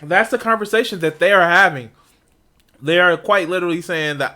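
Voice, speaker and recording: A man's voice: high voice, expressive, fairly quick, sharp tone. A man streaming a reaction to a debate, talking casually with profane, incredulous outbursts.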